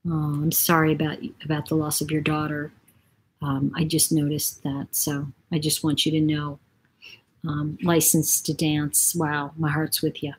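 A woman's voice: low-pitched, little pitch movement, a little slow, slight background noise, low-quality recording. A woman hosting a casual livestream, chatting in a rambling way, laughing often and reading out viewer comments. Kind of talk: casual live-stream chat.

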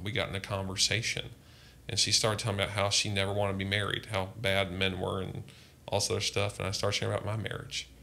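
A man's voice: fairly low pitch, vocal fry, bright, forceful tone. A man, a pastor, telling earnest personal testimony in a podcast conversation. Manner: earnest, impassioned storytelling.

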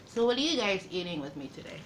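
A woman chatting casually to her viewers in an eating vlog, slow and halting, with many pauses and fillers. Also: lowish voice, sing-song, slight background noise, low-quality recording. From Guam. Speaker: mukbang vlogger.

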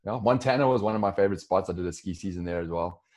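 A man with a South African accent and a notably low voice, speaking as a guest on an interview podcast. He talks in a loose, conversational way, often restarting his sentences and leaning on fillers. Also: very fast, darkish tone. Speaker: podcast guest, software co-founder. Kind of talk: casual interview.

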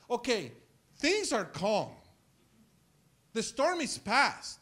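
A male pastor preaching a sermon in church, telling stories with lively acted-out scenes and repeating words as he gets excited. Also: extremely high pitch, slow pace, long pauses. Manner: animated storytelling, acts out scenes.

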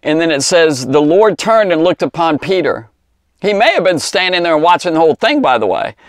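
A man gives an informal Bible lesson for children, talking in a loose, rambling way and stretching out the words he wants to stress. His voice sits a little high, and the recording is dry with almost no room sound. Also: big pitch swings, a little fast, dry recording. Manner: rambling, conversational, with many fillers and asides. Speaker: Bible teacher for kids.

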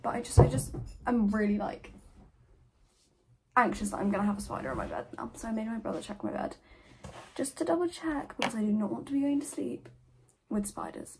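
A woman's voice: mid-range voice, darkish tone, a little hiss or hum, poor audio. A teenage girl vlogging at home in casual chat, gushing and dramatic, swearing freely.

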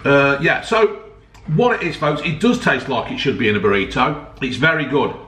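At home, a male food reviewer vlogger chats casually and jokes while reviewing ready meals, swearing now and then. His mid-range voice is expressive, a bit bright, and moderately paced, picked up by a distant mic that gives a roomy sound with faint noise.

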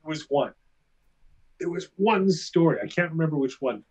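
Man guest, husky voice, lively swooping pitch, spins funny self-mocking stories. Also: moderate pace, dull audio. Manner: animated, self-mocking anecdotes. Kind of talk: casual interview storytelling.

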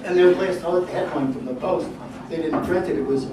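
On a club stage, a man with a fairly high but dark-toned voice performs stand-up, telling stories with wry timing and pausing before punchlines. The recording is noisy and echoey, picked up from a distance.

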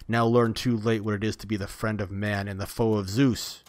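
A fierce, pitiless god enforcer, read out by a man in a lowish voice, taunting and barking orders. The lines come from a storybook reading with a dry, close sound. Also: flat delivery, normal speed, no room sound, natural voice. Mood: impatient. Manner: harsh, taunting commands.

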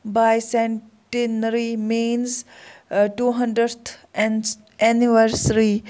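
A woman teacher speaking at a slow, unhurried pace, patiently working through vocabulary one word at a time. Her voice sits a little high but stays flat and even. The tone is mellow and soft. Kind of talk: slow classroom explanation of English exercises.

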